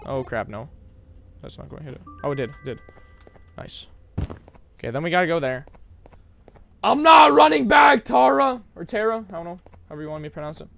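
Hyped young male game streamer, gravelly. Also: fairly high pitch, fast talker, long pauses. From America. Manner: loud bursts and shouted hype, then mumbled asides. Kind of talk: live game stream chat.

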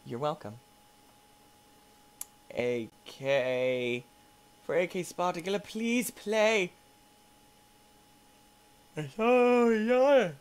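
A man giving excitable let's play commentary, yelping and squealing as things go wrong and talking to the characters on screen. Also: medium pitch. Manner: playful, talks to the game characters. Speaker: gaming YouTuber.

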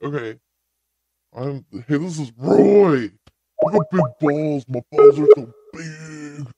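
A woman's voice: deep voice, takes it slowly, warm tone, slightly rough, muffled recording, faint music behind, pitched below the performer's own voice, exaggerated voice. A woman putting on a mock-macho man's voice as a cocky tough guy on a prank call. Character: blustering tough-guy man named Roy. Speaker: prank caller.

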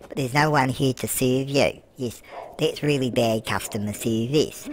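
A gameplay commentator with a mid-range, near-everyday voice speaks a little slowly as a chatty British grandmother, gossiping about a life-sim game. She's fussy and cheeky, calls people "love," and answers her own questions. This comic in-character let's-play has background music and slight background noise.

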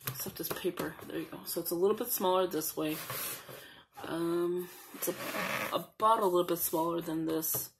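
A woman's voice: on the low side, fairly even intonation, normal speed, noisy background. A woman casually showing a planner on her channel, reading the printed slogans aloud as she flips through the pages. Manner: chatty, reads printed slogans aloud while flipping pages. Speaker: planner vlogger. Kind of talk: casual show-and-tell.

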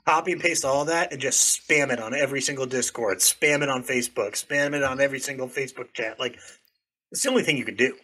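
A man talks casually as a podcast guest, joking and swearing freely, and his sentences often fade to a mutter. His voice is bright with a slightly husky edge. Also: medium pitch, steady tone, fast. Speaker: podcast guest, content creator. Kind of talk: casual chat.

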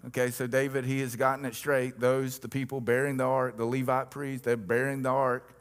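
A male pastor preaching a sermon, swinging between quiet, drawn-back lines and loud, emphatic swells, with rhythmic chanted repetitions. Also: medium pitch, flat delivery, fairly quick.

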